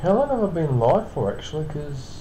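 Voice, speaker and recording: A man's voice: on the high side, big pitch swings, a little fast, dark tone, a little hiss or hum. A tired man hosting his own live stream from his apartment, chatting in a rambling, self-correcting way and yawning now and then. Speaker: streamer host. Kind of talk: casual live-stream chat. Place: home apartment. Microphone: computer setup with webcam. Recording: roomy echoey room.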